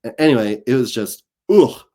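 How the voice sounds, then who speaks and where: A man's voice: mid-range voice, normal speed. A man, a comedian guest on an interview show, telling stories in casual chat and acting out the voices of people he quotes. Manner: animated, acts out quoted voices.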